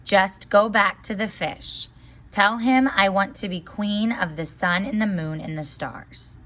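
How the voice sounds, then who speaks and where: A woman's voice: medium pitch, measured pace, pushed and bright. A teacher doing a bossy greedy fisherman's wife. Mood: demanding. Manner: curt, commanding.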